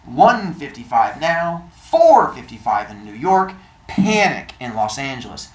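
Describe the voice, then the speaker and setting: A woman teacher reading a novel aloud to her class, expressive and animated, with joking asides. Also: extremely low pitch, unhurried, roomy sound.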